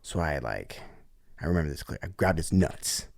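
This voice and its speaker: A man's voice: very deep voice, expressive, normal speed, gravelly, a little hiss or hum. A man who is a podcast guest, telling a story in a blunt, profane, casual way with lots of "like". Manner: blunt, profane, heavy use of "like".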